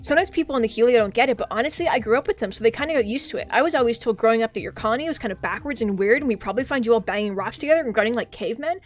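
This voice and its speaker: A woman voicing a bubbly, quick-talking nonbinary teen from a story game, high-pitched and excitable. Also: faint music behind. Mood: excited.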